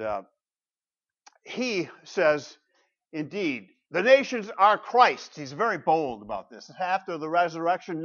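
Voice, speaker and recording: Man, high voice, emphatic sermon, rhetorical questions, muffled lo-fi recording. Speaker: pastor. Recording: dull lo-fi sound.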